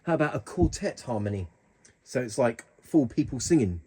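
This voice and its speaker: A man's voice: medium pitch, animated, moderate pace, dark tone, slightly rough. A man hosting a keyboard tutorial, talking casually through the settings with plenty of fillers and restarts. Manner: chatty, hesitant with fillers and restarts.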